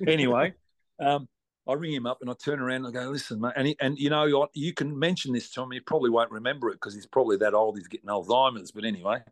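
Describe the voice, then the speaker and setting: A man's voice: medium pitch, fairly even intonation, quick pace, no room sound. An Australian man telling rambling, chatty stories as a guest on an interview, with mild swearing and lots of restarts. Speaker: race car driver guest. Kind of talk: casual storytelling interview.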